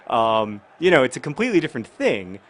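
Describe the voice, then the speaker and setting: A man giving casual commentary over a football video game, rambling and joking, with sudden bursts of excited shouting. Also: medium pitch, fast.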